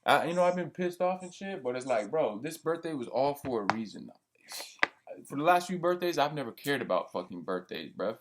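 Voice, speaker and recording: A man's voice: mid-range voice, very animated, a little fast, slight background noise. A young man ranting in a heated, profane, rambling monologue. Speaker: vlogger. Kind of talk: venting monologue.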